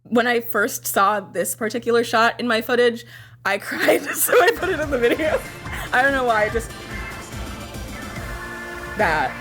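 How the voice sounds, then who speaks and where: A young woman gives casual director's commentary on her own video, gushing excitably, swearing often and leaping into squealing highs when passionate. She speaks at a measured pace with long pauses, and faint music plays behind her.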